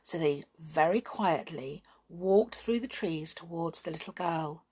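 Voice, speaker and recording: A woman reading a children's story aloud slowly and expressively, often dropping to a hush. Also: deep voice, breathy edge.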